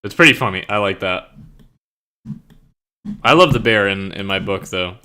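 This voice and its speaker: A young man with a lowish but bright, forceful voice, talking in loose casual chat. He rambles through his thoughts and leans heavily on filler words. He laughs often as he goes. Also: expressive, moderate pace, clean tone. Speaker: streamer and author.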